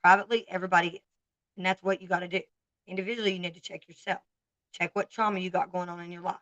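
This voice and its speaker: A woman's voice: fairly low pitch, flat delivery, racing, fairly bright tone, no room sound, muffled recording. A woman in her forties with a Southern US accent, chatting bluntly and candidly to viewers on a casual livestream. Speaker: livestream host.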